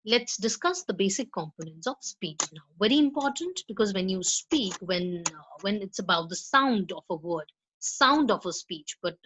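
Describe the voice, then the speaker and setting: A woman with an Indian English accent giving a recorded lecture on spoken English. She explains slowly, with frequent fillers and repeated words, and stresses syllables on purpose when she models pronunciation. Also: medium pitch, fairly bright tone, breathy edge, rough recording. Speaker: law college English teacher.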